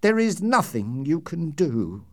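A man voicing a frightened, dying old doctor who speaks slowly with a trembling voice, in a storybook reading. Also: fairly high pitch, very animated, no room sound, clean studio sound, pitched above the performer's own voice, full character voice. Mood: fearful, grim. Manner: slow and trembling.

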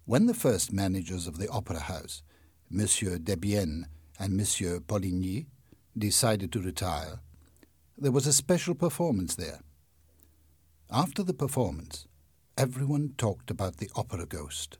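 A man narrates a classic novel as an audiobook in a measured, unhurried storytelling manner. His voice is low with a husky grain. The recording is dry and close, with no room sound. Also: sing-song, a little mellow, dry recording. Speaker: audiobook reader. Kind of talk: scripted narration.

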